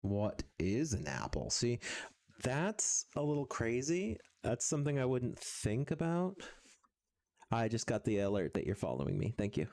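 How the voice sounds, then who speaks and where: A man's voice: medium pitch, wildly swooping pitch, measured pace, creaky, darkish tone. A man streaming casually while practicing a language, talking hesitantly with many fillers and frequent chuckles.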